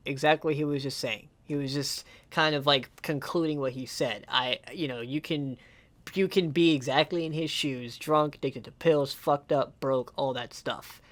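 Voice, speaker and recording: A man's voice: a little high, fairly even intonation, moderate pace, fairly bright tone. A young man giving casual reaction commentary on a music video, passionate and swearing a lot, repeating himself as he rambles, emotional and close to tears. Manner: passionate, profane, repetitive and rambling.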